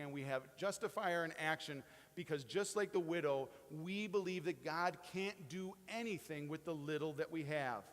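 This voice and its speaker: Pastor preaching in a reverberant hall. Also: male voice, fairly high pitch. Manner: swings between hushed quoting and rising excited emphasis. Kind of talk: sermon. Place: church sanctuary.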